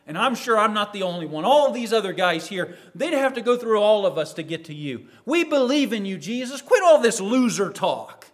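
A man's voice: high voice, big pitch swings, a little fast, few pauses. A man preaching, putting on the voice of a loyal male disciple who pleads and stammers. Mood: pleading. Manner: stammering, insistent.

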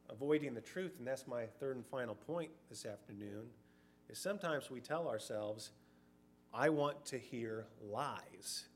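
A man's voice: mid-range voice, slight background noise. A middle-aged man preaching a sermon in a conversational way, sometimes acting out short quoted voices.

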